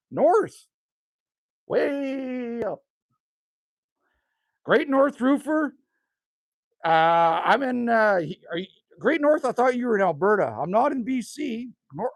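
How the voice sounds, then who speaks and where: Older Canadian man, livestream host, high lively voice, dry close sound, chatty with viewers. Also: no echo. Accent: Canadian, with bits of Newfoundland. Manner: chatty, reads out viewer names and answers them. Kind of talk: casual livestream chat with viewers. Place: cabin woodshed.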